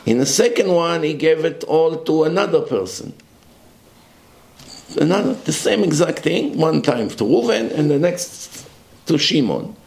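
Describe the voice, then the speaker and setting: A man's voice: on the high side, sing-song, unhurried, creaky, a little mellow. Emphatic male religious lecturer, echoey room. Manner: emphatic, rhetorical questions.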